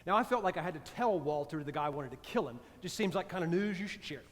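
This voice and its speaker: Man, priest preaching, high voice, conversational storytelling, long church reverb. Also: animated, fast. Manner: conversational, drops to soft hushed tones. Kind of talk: storytelling sermon. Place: church sanctuary.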